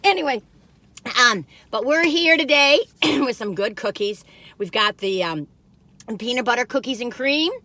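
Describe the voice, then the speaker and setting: A woman's voice: fairly high pitch, expressive, unhurried, pushed and bright, dry recording. A bubbly, giggly woman chatting through a casual food review from inside her car. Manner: bubbly, giggly, sings playful jingles.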